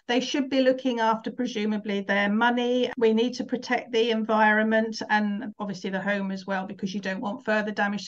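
A woman hosting a property interview, asking questions and giving brief encouraging replies. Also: fairly high pitch. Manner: brief encouraging responses and laughter. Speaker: interviewer host. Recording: slightly dull lo-fi sound.

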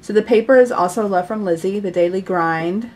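A woman's voice: mid-range voice, a little fast, a little mellow. A middle-aged woman casually chatting as she shows off handmade greeting cards, gushing and laughing often. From United States. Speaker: card-making YouTuber. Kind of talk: casual chat showing mailed cards.

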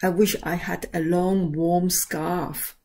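A woman's voice: on the low side, little pitch movement, slow, noisy background. A woman voicing a sad, cold giraffe in a picture book read-aloud, in a raised, plaintive voice.

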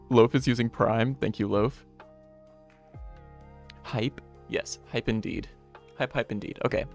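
A man hosting a casual live stream. He greets viewers one by one in an upbeat, friendly way, with playful, softly self-mocking asides. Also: medium pitch, fairly even intonation, a little slow, gravelly, long pauses. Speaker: streamer and game developer. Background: faint lo-fi music.

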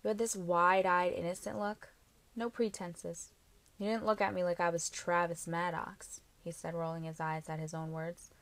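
A woman's voice: lowish voice, level tone, normal speed, lightly acted. A woman voicing a cocky young fighter who talks bluntly and teasingly to his girlfriend, in an audiobook reading. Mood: tender. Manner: teasing, blunt, swears easily.

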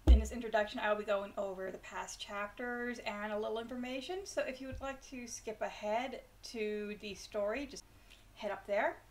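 A woman's voice: mid-range voice, steady tone, moderate pace, slight background noise. Chatty woman reading bedtime stories. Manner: chatty and self-deprecating. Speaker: storyteller host.

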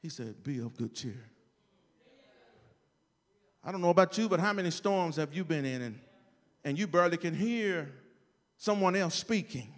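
Mężczyzna, gościnny kaznodzieja w kościele, wygłasza kazanie, raz wykrzykując, raz przechodząc w cichy szept, i zwraca się do zgromadzenia. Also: male voice, sits high, lively intonation, a little fast. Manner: shouts then drops to a soft hush; calls to the congregation. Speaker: guest preacher. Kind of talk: sermon. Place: church sanctuary. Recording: long hall reverb.

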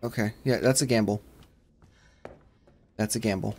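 A man hosting a let's-play of a horror game, rambling along and shouting whenever he is startled. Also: fairly low pitch, fairly even intonation, normal speed. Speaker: gaming channel host.

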